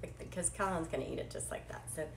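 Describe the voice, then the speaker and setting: A woman runs a live cooking stream at home, chatty and cheerful while poking fun at herself. She talks fast in a low voice with vocal fry, over slight background noise, and her kitchen sounds echoey with faint clattering.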